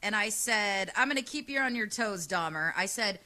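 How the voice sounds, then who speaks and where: A woman radio host with a loud, sassy, animated way of talking, telling a dating story in casual chat. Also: mid-range voice, normal speed.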